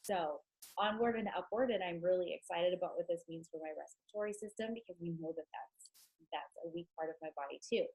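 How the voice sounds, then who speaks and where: A woman's voice: on the low side, fast, a little mellow, husky, low-quality recording. A chatty, enthusiastic woman with a stuffed-up nose, talking casually to her team on a live stream, with many ums.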